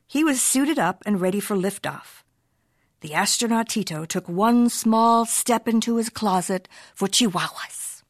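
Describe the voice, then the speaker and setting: A woman's voice: medium pitch, no room sound, clean studio sound. A woman reading a children's storybook aloud in a playful, rhythmic, sing-song way. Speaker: narrator.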